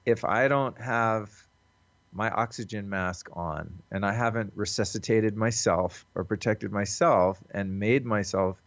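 Speaking a little slowly, a man with a fairly low voice and fairly bright tone appears by call as a podcast guest. His talk is earnest and reflective, casual, and loose with swearing, captured in dull, lo-fi call audio without room sound.

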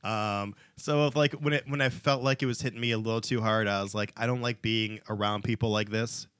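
A man's voice: lowish voice, steady tone, brisk, fairly bright tone, clear, resonant tone, dry recording, studio quality. A young man telling a rambling story in casual podcast chat, laughing and padding his talk with fillers.

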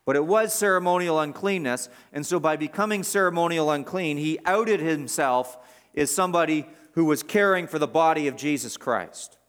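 A man with a slightly higher-pitched voice preaches an expository sermon. He talks emphatically, repeats his main points and leans hard on chosen words as he reads scripture aloud. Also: moderate pace, a bit bright, smooth. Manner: emphatic, repeats key phrases; stresses words while reading scripture aloud.

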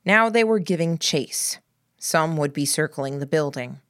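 A woman with a deep voice narrates an audiobook, reading the script in a measured, even storytelling style. The recording is studio quality with no room sound.

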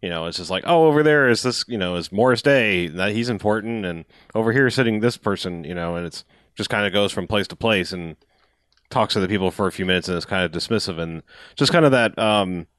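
A man's voice: low-pitched, fast talker, fairly bright tone, no echo, clean studio sound. A man in a casual movie review chat, rambling and hesitant as he recaps scenes. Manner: rambling, hesitant, full of fillers. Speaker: podcast co-host.

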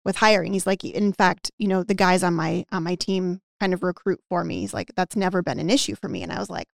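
Woman with a gravelly, dry voice. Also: lowish voice, quick pace, no echo. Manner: animated anecdote-telling with acted-out quotes and frequent "like". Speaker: podcast guest who teaches business owners about hiring and team culture. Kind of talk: casual podcast storytelling.

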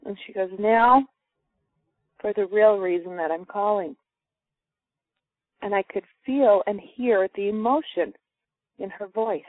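Speaking at a medium pitch, a little slowly and with long pauses, a woman recounts a personal story to a group and animatedly performs the quoted voices. The sound is dry and muffled, like a phone line.

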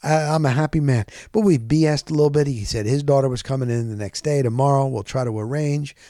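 Middle-aged man, podcast host, rambling casual storytelling, mid-pitched voice, dry close sound. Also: fast talker, dry recording. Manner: rambling, animated, self-correcting.

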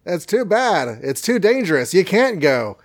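A man's voice: sits high, big pitch swings, measured pace, voice pushed up, full character voice. A man voicing a doting, fussy elderly aunt from a cartoon recap. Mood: fretful.

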